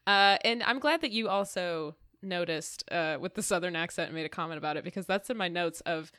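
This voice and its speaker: A woman's voice: fairly low pitch, a little fast, pushed and bright, no echo, studio quality. A woman co-hosting a podcast, chatting casually with frequent laughs and lots of "like". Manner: chatty, laughs often, many "like" fillers. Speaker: podcast co-host. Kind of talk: casual chat.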